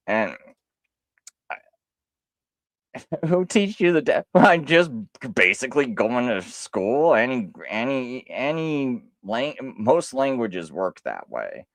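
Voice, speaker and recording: Sarcastic male livestream host, lively pitch. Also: slow, dry recording, clean studio sound. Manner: sarcastic, mocking, with frequent laughs. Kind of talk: livestream rebuttal commentary.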